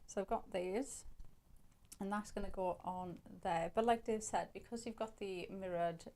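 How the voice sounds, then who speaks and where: A woman's voice: mid-range voice, fairly even intonation, normal speed, darkish tone. A woman with a Welsh accent, demonstrating crafts on a live shopping show, talking through each step as she works.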